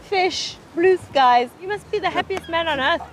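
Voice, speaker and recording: Bubbly woman, high voice. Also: normal speed, a little hiss or hum. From South Africa. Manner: bubbly, teasing, laughs often. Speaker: co-host. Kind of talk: casual travel chat. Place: outdoors in a seaside village.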